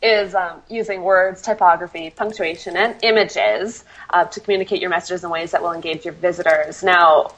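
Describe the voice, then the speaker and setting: A woman copywriter answers interview questions with lots of ums, laughing often and apologizing for herself in a self-deprecating way. Her voice is medium-pitched and a bit bright. The audio quality is poor.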